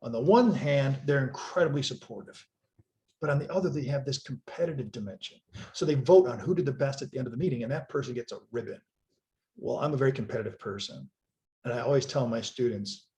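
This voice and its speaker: A middle-aged man teaching a public speaking class over a video call, animated and conversational, with frequent restarts. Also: medium pitch, fast. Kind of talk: online class lecture.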